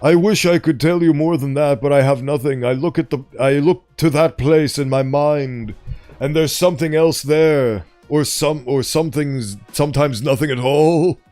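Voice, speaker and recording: A man's voice: a little high, a little mellow, no echo, soft background music, lightly acted. Man voicing a worn-out researcher losing his memory. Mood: weary. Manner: halting, distressed, pleading.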